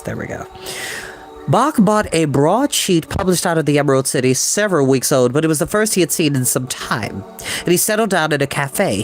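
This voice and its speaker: A man reading a novel aloud as storyteller, thoughtful, stopping to comment and sometimes stumbling on hard words. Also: fairly high pitch.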